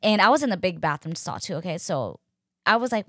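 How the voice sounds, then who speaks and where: A young woman telling a personal story in a chatty, animated way, full of "like" and acted-out quotes. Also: lowish voice, brisk, no echo, clean studio sound. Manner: animated, chatty, fills speech with "like", acts out quotes. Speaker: podcast host. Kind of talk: casual storytelling.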